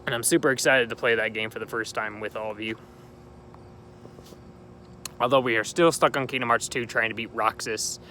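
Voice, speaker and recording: A young man hosts a casual game playthrough, chatting and rambling in an upbeat way. His voice sits at a medium pitch, recorded outdoors at night with a faint hum in the background. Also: steady tone, normal speed, long pauses, sharp tone. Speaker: gaming channel host. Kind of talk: casual let's-play commentary.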